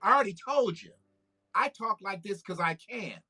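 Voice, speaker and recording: A man's voice: sits high, animated, normal speed, bright, forceful tone, husky. A man, hosting a livestream with blunt, profane, preachy commentary. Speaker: livestream host. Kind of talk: casual political commentary livestream.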